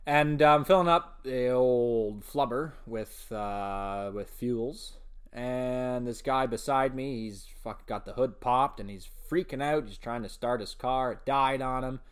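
Slow-talking profane man. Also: mid-range voice, clear, resonant tone. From Ontario, Canada. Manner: profane, rambling, with sudden shouted outbursts. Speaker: podcast host. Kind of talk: casual solo podcast rant.

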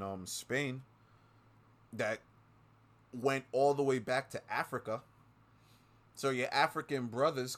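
A man hosting his own show, ranting angrily with constant swearing and repeating lines for emphasis. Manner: swings between low mutters and loud outbursts. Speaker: podcast host. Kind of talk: profane political rant.

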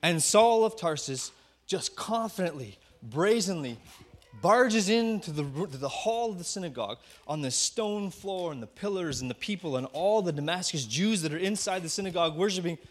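A man preaching a storytelling sermon, pitched high and full of swooping ups and downs. He acts out the scenes and coaches the congregation to shout back lines. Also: moderate pace. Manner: animated, acts out the scenes in small voices. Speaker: pastor.

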